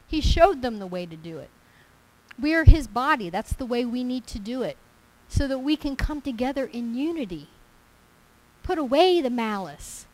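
Woman preacher, fairly high voice, emphatic and repetitive, conversational sermon delivery. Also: rough recording.

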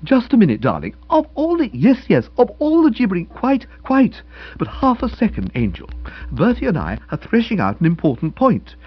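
A fussy, flustered young author gabbles out excuses in a raised, stammering voice that a man puts on, the pitch leaping about. The sound is husky and a little dull, like a lo-fi audiobook recording. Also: wildly swooping pitch, fairly quick, few pauses, heavily acted. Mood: placating. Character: flustered young male author, talkative and self-justifying. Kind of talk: audiobook character reading.

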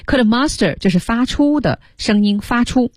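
A woman hosting a radio English lesson in a studio, explaining phrases with lively, drawn-out emphasis. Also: on the high side, dry recording. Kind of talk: bilingual teaching commentary.

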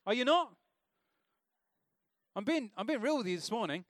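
A man's voice: very high-pitched, lively intonation, moderate pace, a bit bright, dry recording, clean studio sound. A man preaching an informal sermon in a church, talking conversationally and asking the congregation questions.

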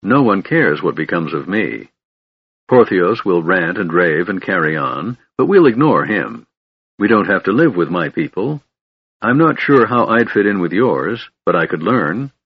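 Young male elf, tender and soothing, husky, read by a man for an audiobook. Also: low-pitched, very animated, a little slow, muffled recording, full character voice.

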